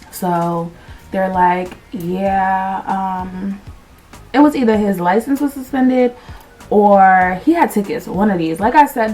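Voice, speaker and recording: A young adult woman telling a storytime on her vlog, animated and slangy, swearing freely and acting out what people said. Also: mid-range voice, far from the mic. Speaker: vlogger. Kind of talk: casual storytime.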